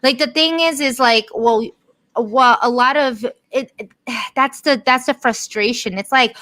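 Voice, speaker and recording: Bright-voiced talkative woman co-host. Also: on the high side, a little slow, dry recording. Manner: talkative, many fillers, laughs easily. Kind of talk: casual chat.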